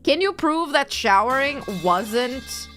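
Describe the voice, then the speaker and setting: A young woman chats casually on her stream, teasing her viewers and laughing often as she reads their messages. Her voice sits high and swings widely in pitch. Quiet music plays underneath. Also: animated, takes it slowly. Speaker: streamer reading chat. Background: faint background music.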